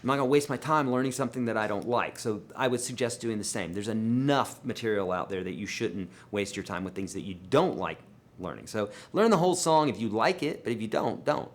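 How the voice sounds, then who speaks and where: Hosting a live guitar Q&A, a man answers viewer questions casually and emphatically, treating his viewers as friends. His loudness and pitch swing a lot, his intonation is lively, and he talks a little fast.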